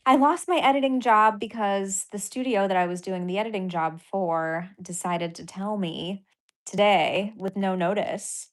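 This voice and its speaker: A woman on a casual livestream, chatting straight to her viewers with a middle-pitched voice. She is giddy and apologetic by turns and often breaks into laughter, with some casual swearing mixed into her gushing thanks. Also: fairly even intonation, unhurried. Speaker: comedian and podcaster livestreaming to viewers. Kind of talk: casual livestream chat reacting to donations.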